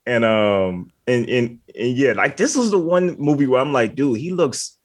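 A man's voice: medium pitch, expressive, normal speed. A man co-hosting a casual podcast chat, rambling and filling his talk with "like" while laughing often. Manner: rambling, heavy on filler words, laughs often. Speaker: podcast co-host.

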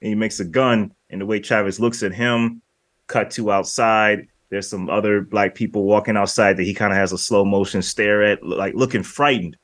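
Low-voiced man chatting about movies. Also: fairly even intonation, moderate pace, a bit bright, no echo, clean studio sound. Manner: rambling, acts out movie lines in quoted voices. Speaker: podcast co-host. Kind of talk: casual film discussion.

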